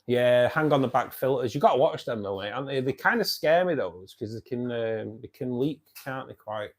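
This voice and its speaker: A man's voice: mid-range voice, expressive, moderate pace. A man with a Manchester accent hosting a live stream, chatting casually and greeting viewers by name as he reads their comments. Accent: Mancunian English. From Manchester area, England. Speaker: live stream host of a fish club. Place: home by his fish tank.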